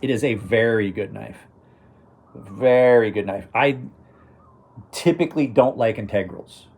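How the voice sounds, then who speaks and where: A man's voice: on the low side, a little slow, gravelly, darkish tone, slightly rough. A middle-aged man hosting a knife channel, chatting casually on a live stream and rambling with many restarts. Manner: rambling, restarts sentences, chuckles to himself. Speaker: knife review channel host.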